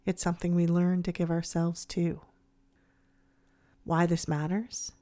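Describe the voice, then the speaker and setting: A woman host giving scripted reflective narration, soft, slow and soothing. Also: lowish voice, flat delivery. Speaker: podcast host.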